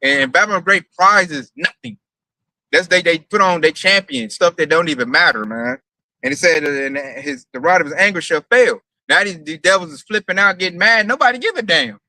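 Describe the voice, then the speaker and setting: High-pitched guy preaching loud n blunt, super bright voice, dry close sound. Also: normal speed, dry recording, poor audio. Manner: emphatic, profane, mocking. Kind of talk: preaching commentary, casual.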